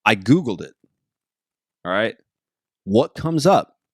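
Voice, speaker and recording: A man with a very low voice hosts a casual podcast, recorded close and dry. He jokes around, gets excited and keeps wandering off track. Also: takes it slowly, no echo. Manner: excitable, jokey, easily sidetracked. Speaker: podcast host. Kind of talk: casual rambling podcast monologue.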